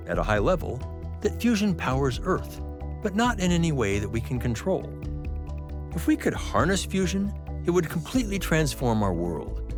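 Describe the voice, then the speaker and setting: A middle-aged man hosting an energy show, narrating from a script and then chatting curiously with guests. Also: on the high side. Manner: lively, curious, laughs easily. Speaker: host, energy scientist. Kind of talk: scripted narration and casual interview chat.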